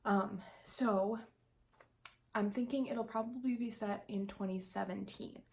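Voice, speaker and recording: A woman's voice: mid-range voice, steady tone, measured pace, gravelly, a little mellow. A young woman vlogging her fan predictions in casual chat, talking in a loose, emotional way with lots of ums and restarts. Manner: chatty, emotional, many ums, tearful laughs.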